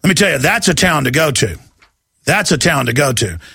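A man's voice: a little high, big pitch swings, fairly quick, vocal fry, bright, forceful tone, breathy edge, dry recording, studio quality. Fiery, ranting male talk radio host.

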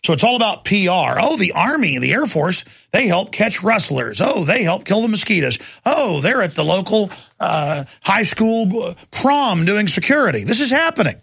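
A man's voice: high voice, sing-song, moderate pace, vocal fry, few pauses, a bit bright, breathy edge, dry recording, studio quality. A man hosting a call-in radio talk show, speaking in an intense, rambling, emphatic way.

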